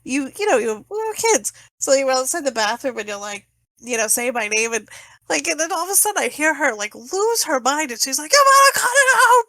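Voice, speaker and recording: A woman co-hosting a podcast, telling stories in a casual, animated, profane way. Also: high voice, brisk, dry recording. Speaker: podcast co-host.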